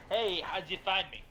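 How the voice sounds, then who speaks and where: A playful friend chatting and teasing a streamer during a game. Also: mid-range voice. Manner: playful, teasing, shouts silly sounds. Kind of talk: casual chat with a streamer.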